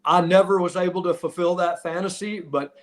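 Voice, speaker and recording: A man's voice: sits high, brisk. A man in his fifties, a podcast host and former wrestler, telling stories in casual chat with frequent laughs. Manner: animated storyteller, laughs often.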